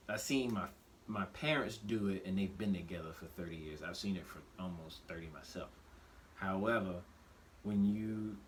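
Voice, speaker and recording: A man in his thirties with a low, grounded voice talks through his thoughts in a shop, circling back and restarting sentences as he goes. A steady background noise sits under everything he says. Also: low-quality recording. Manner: reflective, restarts often, animated when quoting himself. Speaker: podcast co-host. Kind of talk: casual conversation.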